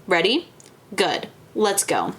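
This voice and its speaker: A woman's voice: on the low side, wildly swooping pitch, slow pace, fairly bright tone, exaggerated voice. A woman voicing a taunting male orc game-show host with smug, teasing patter.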